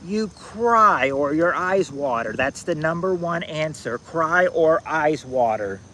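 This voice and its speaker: A man hosting a casual trivia game on a livestream, reading viewers' answers aloud in a halting, repetitive way, outdoors at night on a phone. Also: on the high side, animated, sharp tone, a little hiss or hum, low-quality recording. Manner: halting and repetitive, restarting phrases, drawling out answers.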